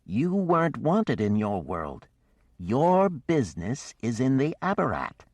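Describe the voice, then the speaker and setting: A man's voice: medium pitch, huge pitch swings, takes it slowly, dry recording, pitched above the performer's own voice, exaggerated voice. A man voicing an intense female fish-folk sea skipper who questions insistently. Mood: probing. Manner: probing, insistent.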